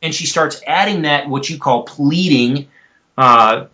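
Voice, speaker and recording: A man's voice: on the high side, a little slow, sharp tone, highs cut off. A man who is an expert guest on a podcast, explaining earnestly and step by step while repeating words as he goes. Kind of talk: explanatory interview answers.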